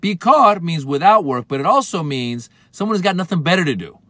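Animated comedian with a lively voice. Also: male voice, on the high side, brisk. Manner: animated, acts out exasperated outbursts. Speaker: comedian teaching words. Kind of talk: comic explainer.

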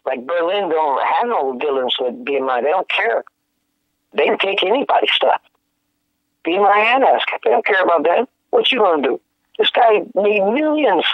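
High-voiced man telling lively stories. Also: normal speed, dry recording. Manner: animated, laughing, slangy and profane. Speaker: guest musician. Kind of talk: casual storytelling chat. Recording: dry, tinny phone-like sound.

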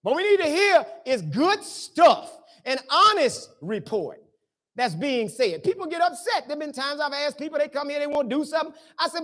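A man's voice: extremely high pitch, sing-song, normal speed, a bit bright. A man pastor from the preaching a sermon in church, in a talky, colloquial way full of rhetorical questions. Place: church sanctuary.

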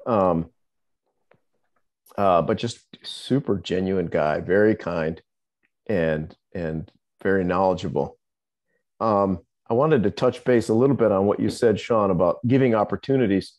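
A man co-hosting a martial arts podcast on a video call, speaking in a measured way with frequent fillers. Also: low-pitched, darkish tone, lo-fi sound. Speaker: podcast co-host. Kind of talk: casual conversation on a video call.

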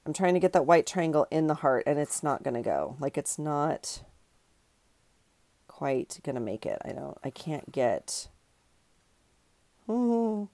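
A woman's voice: low voice, animated, measured pace, a little mellow, no echo. A middle-aged woman hosting a craft video, chatting in a rambling, giggly way and correcting herself as she works. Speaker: craft channel host. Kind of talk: casual chat while crafting.

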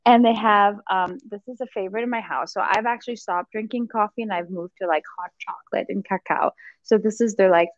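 A woman's voice: mid-range voice, steady tone, brisk, dry recording, muffled recording. A woman chatting casually and enthusiastically about food and a holiday gift hamper. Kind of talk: casual video-call chat.

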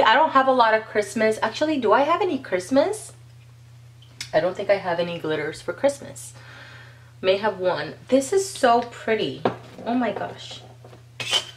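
A woman vlogger chatting casually as she unboxes nail polish, gushing and excitable, talking straight to her viewers. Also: medium pitch, slight background noise, rough recording.

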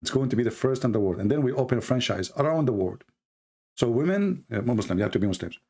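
A man's voice: medium pitch, animated, fast talker, dark tone. A man hosting a live stream. He delivers sarcastic, mocking commentary.

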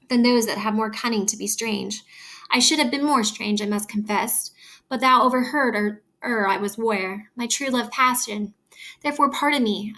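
A woman lending her own voice to a lovestruck young woman, earnest and guarded, reading the old verse aloud and tripping over a word here and there. The voice sits a little high for a woman. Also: fairly bright tone. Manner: reads the old verse aloud, stumbling on words.

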